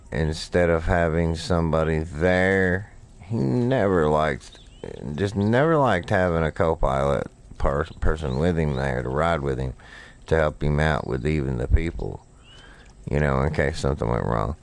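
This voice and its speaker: Very deep-voiced, slow-talking man. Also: slight background noise. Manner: rambling, profane storytelling. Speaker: streamer. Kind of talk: casual storytelling while gaming.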